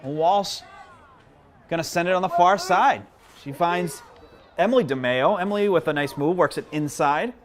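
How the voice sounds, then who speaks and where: A man doing live play-by-play commentary at a high school field hockey game, chatty and self-deprecating, joking with the viewers between plays. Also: animated, moderate pace. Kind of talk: live local sports commentary. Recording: crowd noise behind.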